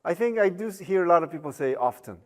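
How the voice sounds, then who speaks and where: A man's voice: sits high, expressive, fast talker, darkish tone. A man giving a recorded university lecture, chatty, with joking asides, many fillers and tag questions.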